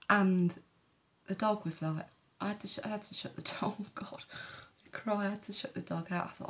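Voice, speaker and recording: A woman's voice: fairly low pitch, normal speed, pauses often. A woman, telling a personal story candidly and bluntly, with rambling asides and frequent swearing. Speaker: vlogger.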